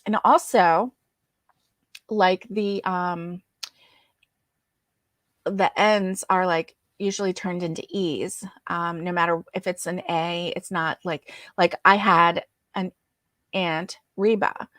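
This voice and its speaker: A woman's voice: fairly low pitch, steady tone, slow, fairly bright tone, no echo, clean studio sound. A woman hosting a casual crochet livestream, reading viewer comments aloud and greeting each viewer by name.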